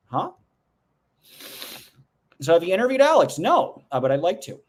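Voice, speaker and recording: A man's voice: high voice, sing-song, normal speed, long pauses. A man hosting a casual livestream, rambling through viewer comments with restarts and joking asides. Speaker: livestream host. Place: indoors at home.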